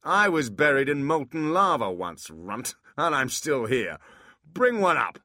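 A man's voice: medium pitch, big pitch swings, unhurried, pushed and bright, dry recording, clean studio sound, voice pushed up, heavily acted. A man voicing a mocking, bullying male demon leader who taunts a small imp. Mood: taunting. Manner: taunting, jeering.

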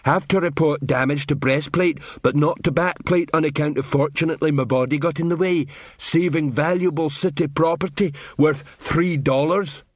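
A man voicing a big, slow-witted male troll watchman who talks in broken grammar. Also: fairly high pitch, steady tone, no room sound, studio quality, voice pushed up, natural voice. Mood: earnest.

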